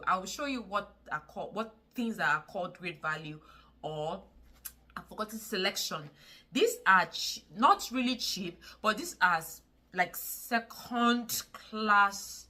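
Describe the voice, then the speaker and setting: A woman's voice: mid-range voice, expressive, fairly quick, pushed and bright. A woman from Nigeria with a Nigerian English accent, talking to camera in a casual vlog, earnest and pleading, repeating words for emphasis. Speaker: vlogger.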